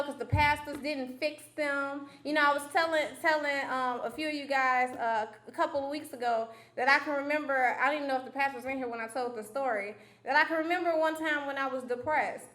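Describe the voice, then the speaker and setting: A woman's voice: sits high, fairly quick, hardly any pauses, a bit bright. A young woman giving a conversational, personal sermon in a church, telling stories with frequent restarts and asides. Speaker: guest preacher. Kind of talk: testimony-style sermon. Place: church sanctuary. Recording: echoey church sanctuary.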